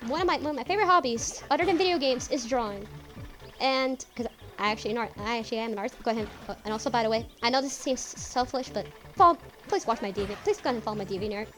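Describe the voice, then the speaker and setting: A young woman chatting casually while streaming a game, rambling, repeating herself and swearing often. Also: on the high side. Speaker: gaming streamer. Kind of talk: casual let's-play chat.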